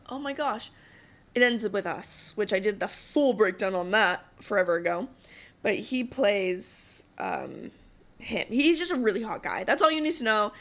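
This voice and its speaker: A woman's voice: mid-range voice, a bit bright. A woman hosting a podcast, chatting casually and gossipily through a TV show recap with lots of fillers. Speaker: podcast host.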